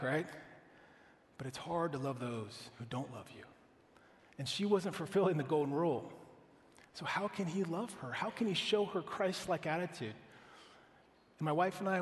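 A man's voice: fairly high pitch, big-room sound. A man in his thirties, a pastor preaching a sermon in an earnest, conversational way, often asking the congregation questions.

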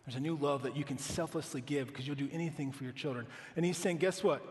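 A man's voice: medium pitch, quick pace, darkish tone, big-room sound. A man in his thirties, a pastor preaching a sermon in an earnest, conversational way, often asking the congregation questions.

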